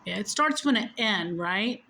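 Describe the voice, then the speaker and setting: A woman's voice: mid-range voice, lively intonation, measured pace, bright, forceful tone, rough recording. A woman telling a personal story in a casual, rambling way, correcting herself often and swearing freely.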